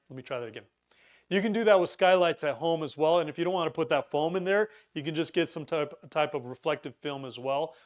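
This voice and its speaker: A man giving a casual preparedness lesson, chatty, often stumbling over words and restarting his sentences. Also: a little high. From Utah. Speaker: preparedness instructor. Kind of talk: informal teaching talk.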